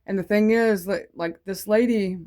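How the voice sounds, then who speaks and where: A Christian testimony vlogger shares her faith story casually, wandering off on tangents and using lots of fillers, sounding earnest and devout. Her voice is medium-pitched, steady and slightly mellow, at a moderate pace.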